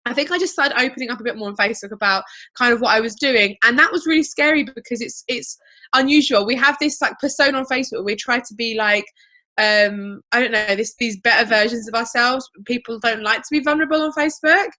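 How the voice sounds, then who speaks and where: A woman telling her story on a video call, chatty and animated. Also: fairly high pitch, fast talker. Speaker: guest. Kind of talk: casual video-call interview.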